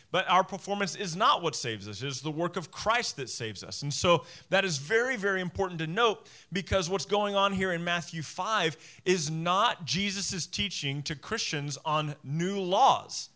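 A man with a high, bright voice preaches a sermon to his congregation. He is emphatic, doubles up his words and slips into little acted voices for the people he quotes. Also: expressive, moderate pace, few pauses. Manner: emphatic, repeats phrases, acts out quoted voices. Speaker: pastor.

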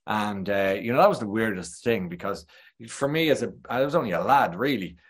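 An Irish man, a TV presenter, chatting as a guest and telling lively anecdotes, slipping into impressions of other people. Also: lowish voice, fairly quick. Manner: animated anecdotal storytelling, slips into impressions. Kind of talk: casual chat.

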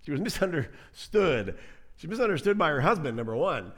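Animated, conversational male preacher. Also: on the high side, brisk. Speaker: pastor. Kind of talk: sermon.

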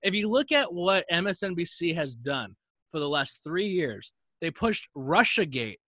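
Man, lively swooping voice, bright edge, profane ranting podcast co-host, close dry mic. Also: on the high side, a little slow, no room sound. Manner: animated, profane, emphatic. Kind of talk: casual ranting chat.

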